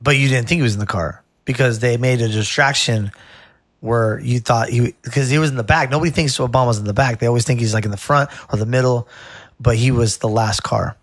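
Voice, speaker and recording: Animated man telling a wild story. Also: medium pitch, a little fast, no room sound. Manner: animated, rambling, says "bro" a lot. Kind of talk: casual storytelling.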